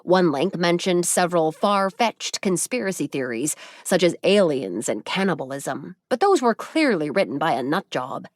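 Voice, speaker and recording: This is a woman narrating an audiobook, measured and even in her storytelling. Her voice is lowish, and the studio-quality recording has no echo.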